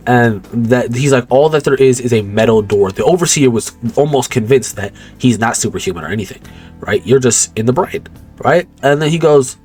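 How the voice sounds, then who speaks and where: A man's voice: mid-range voice, expressive, normal speed, darkish tone, husky. A young man with an ordinary mid-range voice tells a film's plot in a loose, rambling way. He talks in slang and swears freely, backtracking to fix his own mistakes. Faint music plays underneath. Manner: rambling, slangy and profane, correcting himself as he goes. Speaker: movie commentator. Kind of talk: casual movie recap.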